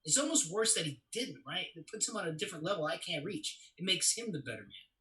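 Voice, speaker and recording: A man's voice: high voice, very animated, fast talker, full character voice, rough recording. An actor playing a young man who recounts his father's death in a confessional, storytelling way during a stage play reading. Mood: anguished. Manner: confessional storytelling, swings to loud anguish.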